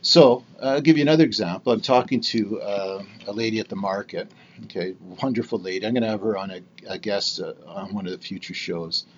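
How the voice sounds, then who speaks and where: A man's voice: lowish voice, brisk, highs cut off, a little hiss or hum. A man about to turn sixty from Canada, hosting his own podcast in a candid, rambling monologue full of fillers and restarts. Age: 50s. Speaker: podcast host. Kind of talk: casual solo podcast monologue.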